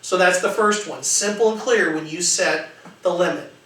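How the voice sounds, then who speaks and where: A man leading a training lecture, talking conversationally and acting out calm example lines. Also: high-pitched, moderate pace. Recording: echoey room from far off, faint noise.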